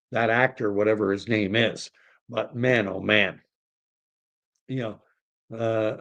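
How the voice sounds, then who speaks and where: A middle-aged man chats on his livestream at an ordinary pitch. He rambles through his story and keeps restarting his sentences. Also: a little mellow, lo-fi sound. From Canada. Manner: rambling, self-correcting, conversational. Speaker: livestream host. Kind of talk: casual storytelling chat.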